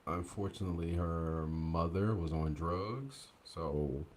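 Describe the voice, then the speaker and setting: A man co-hosting a podcast, giving relaxed, conversational commentary with plenty of fillers. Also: low-pitched, slow, slight background noise. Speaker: podcast co-host. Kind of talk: casual commentary.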